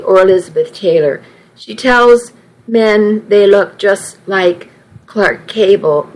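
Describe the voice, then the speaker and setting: A woman reading a first-person story aloud in a slow, measured way. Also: medium pitch, low-quality recording. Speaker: narrator.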